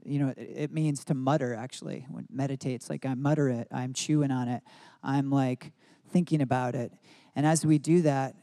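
A man's voice: mid-range voice, mellow. A married man giving an earnest devotional Bible teaching, mixing reflection with spoken prayer declarations. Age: adult, married. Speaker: preacher.

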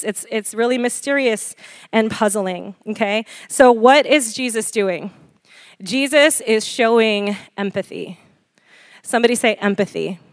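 Lively woman preacher, dry close sound. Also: a little high, a little slow, no room sound. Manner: lively, keeps checking in with "okay?" and "amen?"; laughs often between points. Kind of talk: sermon.

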